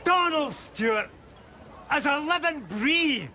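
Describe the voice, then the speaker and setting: An actor playing a cheeky older Glaswegian prankster in a TV sitcom, talking in a thick accent and teasing everyone. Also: male voice, very high voice, animated, slow, sharp tone, a little hiss or hum, exaggerated voice. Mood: jovial.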